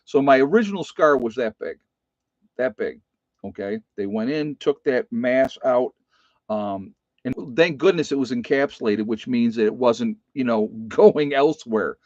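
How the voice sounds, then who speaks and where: A man's voice: medium pitch, expressive, unhurried, a little mellow, no room sound. A man, hosting his homestead channel, telling a personal story in a rambling way, repeating phrases and talking straight to his viewers. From United States. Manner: rambling, repeats phrases, addresses folks directly. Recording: dry, slightly dull home recording.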